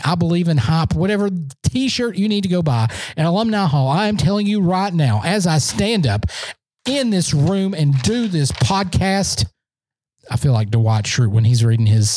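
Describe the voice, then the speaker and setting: Guy, excitable podcast fan rant, slightly high voice but mellow tone, dry close sound. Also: no echo. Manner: excitable, boastful fan banter. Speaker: sports podcast host. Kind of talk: solo sports podcast rant. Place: indoor room, standing.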